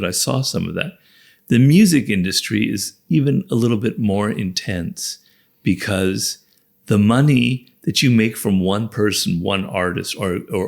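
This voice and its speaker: Gravelly low-voiced American man. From United States. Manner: reflective, builds points with repeated phrases. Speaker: guest author. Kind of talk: conversational interview.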